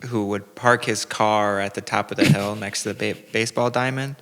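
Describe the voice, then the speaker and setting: A man, the show's producer, joining the casual chat in a halting, hesitant way. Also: fairly low pitch, fairly even intonation, fairly bright tone. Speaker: podcast producer. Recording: long reverb, roomy sound.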